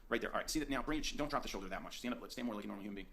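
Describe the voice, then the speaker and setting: A man teaching portrait posing in his photo studio, directing a subject with energetic, repetitive coaching. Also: lowish voice, vocal fry. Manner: rapid, energetic coaching with frequent restarts and repeats.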